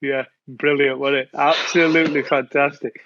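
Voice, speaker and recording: A man's voice: fairly high pitch, level tone, moderate pace, noisy background. A man in his forties hosting a podcast, teasing his guest in a casual, jokey way. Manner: teasing, jokey, laughs often. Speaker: podcast host, former cricketer. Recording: dry, thin lo-fi sound.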